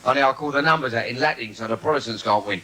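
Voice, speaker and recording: Recorded live in a noisy theatre, a London-accented stand-up comedian delivers a brash, bawdy routine, teasing the crowd with cheeky patter and audience asides. His voice is mid-range and very fast.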